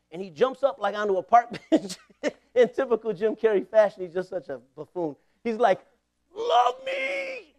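A man's voice: sits high, darkish tone. A man in his forties preaching a sermon as pastor, passionate, with call-and-response to the congregation. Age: 40s.

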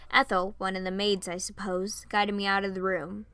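A woman's voice: mid-range voice, flat delivery, moderate pace, fairly bright tone, smooth, no room sound. A young woman reading her fan story aloud in first person, with nervous stammers and a shaky delivery. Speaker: fan fiction narrator.

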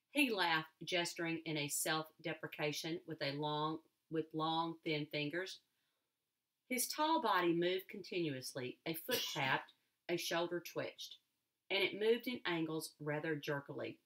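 A woman teacher reading a novel aloud to her class in an expressive storytelling manner. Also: sits low, measured pace. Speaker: elementary school teacher.

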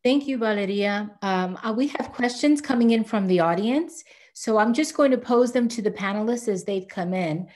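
A woman moderating a panel Q&A, passing audience questions on in a measured way over a video call. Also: mid-range voice, darkish tone.

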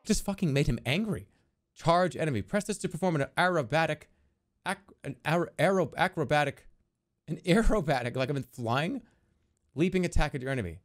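An excitable man gives casual commentary while he plays a video game, reading the on-screen text aloud and joking about what happens. His voice sits a little high and swings widely in pitch. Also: fairly quick. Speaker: streamer playing a video game.

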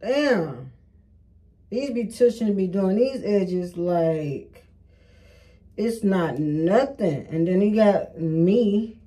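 A frustrated woman chats and grumbles to her viewers while fixing a wig. Her voice is mellow and dark, and she swears freely in an easy, casual way. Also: medium pitch, animated, extremely slow. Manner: frustrated, profane, talking to viewers. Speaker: beauty vlogger. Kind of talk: casual self-filmed hair vlog.

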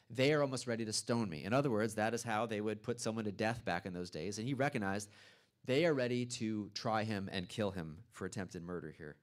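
Low-voiced male pastor preaching a sermon. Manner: reads scripture then explains it conversationally, with asides. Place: church.

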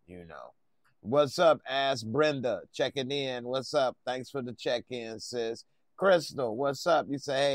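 A man hosting a casual live stream, reacting to a TV episode, relaxed as he greets viewers by name and laughs often. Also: medium pitch, dry recording.

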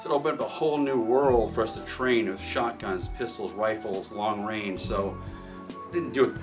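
A man of middle pitch tells long, rambling stories from his shooting range and swears freely along the way. His voice sounds a bit distant from the mic, with faint music underneath. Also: normal speed. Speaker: shooting range owner and firearms trainer. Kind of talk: casual storytelling in an interview.

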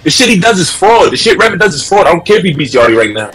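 A man on a headset mic giving loud, heated live commentary on fighting-game matches, shouting often, repeating himself and trash-talking with profanity. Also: high-pitched, very fast, soft background music. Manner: loud, excitable trash-talk with frequent shouting.

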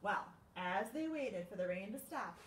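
A young woman librarian reading a picture book aloud at a livestreamed storytime, slow and sing-song with gasps of surprise. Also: mid-range voice, expressive, slight background noise. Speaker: children's librarian. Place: library room. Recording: echoey room, mic far off.

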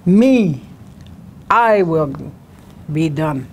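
A woman teaching a class at a slow, patient pace, breaking words into syllables and drawing each one out. There is a faint hiss of noise behind her voice. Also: on the low side, a little mellow. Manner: slow, drawn-out syllable-by-syllable pronunciation. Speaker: language teacher. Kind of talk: classroom language lesson.

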